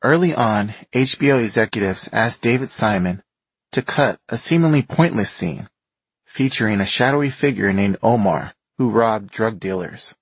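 A man narrating a documentary in a measured, even storytelling manner. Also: on the low side, husky, no echo, poor audio. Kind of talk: scripted narration.

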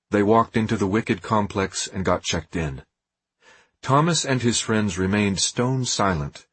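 A man reading an audiobook in a dramatic, expressive scripted narration. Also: lowish voice, unhurried, slightly rough, no room sound.

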